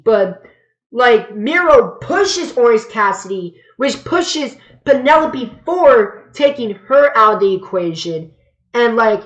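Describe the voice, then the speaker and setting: Slow, rambling woman reviewer. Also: a little high. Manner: rambling, restarts, stumbles over words; emphatic and opinionated. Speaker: wrestling reviewer. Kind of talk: casual spoken review. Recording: slightly dull lo-fi sound.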